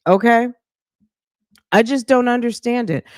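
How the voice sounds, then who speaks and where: A woman's voice: a little high, unhurried, no room sound, studio quality. A woman from New Jersey hosting a reaction channel, chatting casually with sassy, judgy asides. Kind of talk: casual commentary.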